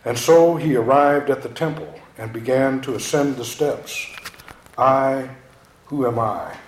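A man reading poetry aloud in a slow, incantatory, dramatic way. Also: mid-range voice, slight background noise. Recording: roomy echo.

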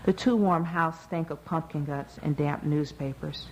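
A woman with a lowish voice reads a novel aloud, measured and expressive. A faint hiss sits under the recording. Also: poor audio. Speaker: narrator. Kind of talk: audiobook narration.

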